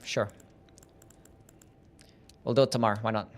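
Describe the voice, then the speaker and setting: A man's voice: lowish voice, steady tone, moderate pace. A young man chatting casually while streaming a game, answering chat questions and swearing now and then. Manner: laid-back, swears, reads chat. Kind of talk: casual gameplay commentary.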